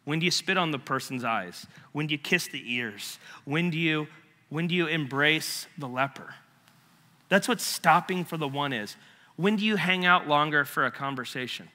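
A man's voice: a little high, lively intonation, moderate pace, sharp tone, in a large hall. A man giving a casual, story-driven sermon, acting out conversations as he retells them. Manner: storytelling, acts out both sides of a dialogue. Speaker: preacher.

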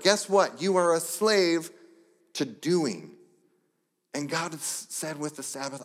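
A pastor delivering a sermon, telling the story with lively asides and brief voiced characters. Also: male voice, fairly high pitch, moderate pace. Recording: long hall reverb.

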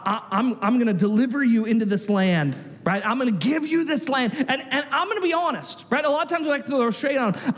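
A man preaching a sermon as pastor, an animated storyteller who acts out the voices he quotes. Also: sits high, in a large hall.

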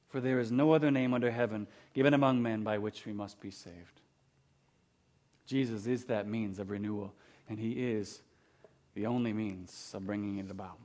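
A man's voice: medium pitch, a little mellow. A man preaching a sermon as pastor, in a conversational way, often asking his listeners questions. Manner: conversational, asks rhetorical questions.

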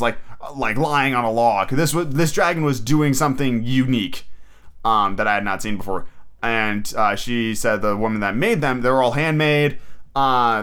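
A man's voice: mid-range voice, a bit bright. A man hosting a solo podcast in a casual, rambling way, with lots of fillers and restarts. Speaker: podcast host.

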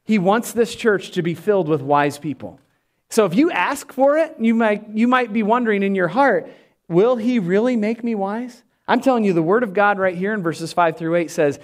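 Man, pastor, sermon, higher voice, emphatic, soft prayerful asides. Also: lively intonation, normal speed. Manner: emphatic preaching, drops to soft prayerful tones.

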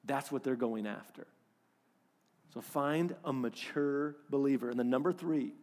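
Animated preacher man in a reverberant hall. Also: mid-range voice, measured pace. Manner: animated, swings from loud to hushed. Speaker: pastor. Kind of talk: sermon.

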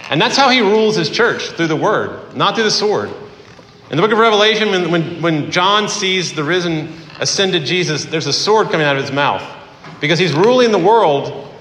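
A man preaching a sermon as pastor in a conversational way, with fillers and pauses. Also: high-pitched, animated, fairly bright tone, slight background noise. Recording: echoey hall.

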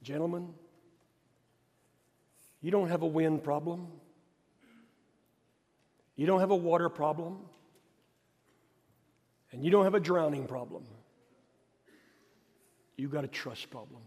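A preacher voicing Jesus as a calm, gentle grown man who speaks in measured, repeated phrases. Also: high voice, in a large hall, close to an everyday voice.

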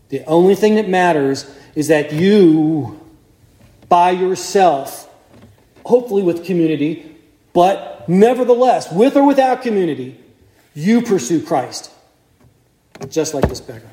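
A male priest preaching a sermon, telling the story with lively acted-out voices. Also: high-pitched, a little slow, long pauses, roomy sound. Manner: animated storytelling, acts out crowd voices. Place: church.

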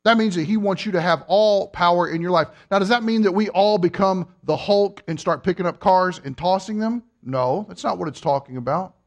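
A man preaching a sermon, teaching from scripture and joking with his congregation, swinging from soft asides to emphatic peaks. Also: sits high, fairly quick, few pauses.

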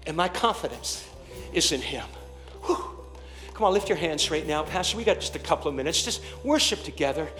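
A man preaching a sermon as pastor, leading the congregation in call-and-response and building to shouted declarations. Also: sits high, sing-song, a little fast, soft background music.

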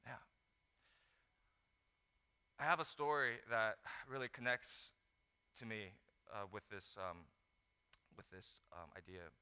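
A man preaching a sermon, telling the story with lively acted-out asides. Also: lowish voice, slow, pauses often, clear, resonant tone. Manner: animated storytelling, acts out disciples in mock voices. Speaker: pastor. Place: large hall. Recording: echoey hall.

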